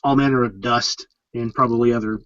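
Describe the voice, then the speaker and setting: A man narrating as game master of a tabletop game, explaining with many pauses and ums. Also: mid-range voice, fairly even intonation, fairly bright tone, dry recording. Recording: dull lo-fi sound.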